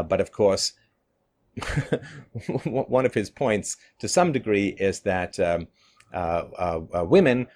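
A middle-aged man giving a monologue commentary, animated, often laughing and mimicking others in mocking quotes. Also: mid-range voice.

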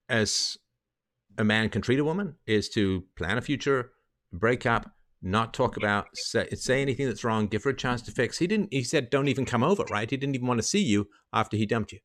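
A man's voice: medium pitch, expressive, moderate pace, a bit bright, no room sound, studio quality. A man hosting a call-in advice show, talking bluntly and emphatically, swearing now and then, with a wry edge.

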